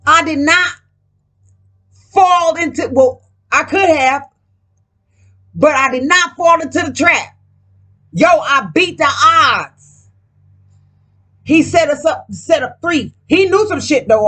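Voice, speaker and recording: A woman's voice: high-pitched, bright, forceful tone. A woman vlogger talking casually while reading tarot cards, profane and emphatic, rambling and speaking straight to her viewers.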